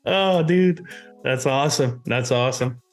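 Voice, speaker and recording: Man, casual debate, emphatic and blunt, mid-pitched voice, faint music under it. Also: unhurried. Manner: emphatic, swears casually, argues point by point. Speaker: co-host debating a film.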